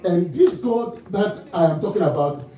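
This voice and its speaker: A man from Ghana preaching a sermon in an animated way, asking the congregation call-and-response questions and laughing along with his own stories. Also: sits high, moderate pace. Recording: distant mic in a reverberant church hall, muffled.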